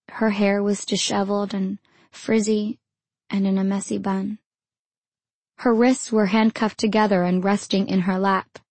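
A woman narrating her own memoir in the first person, in a measured, intimate storytelling manner. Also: mid-range voice, a little mellow, dry recording.

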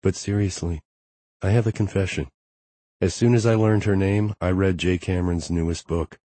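A man voicing a shy but playful young woman in an audiobook, speaking softly and confidingly. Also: sits low, steady tone, normal speed, no echo. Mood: eager confiding. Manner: breathy, soft-spoken confiding. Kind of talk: audiobook dialogue.

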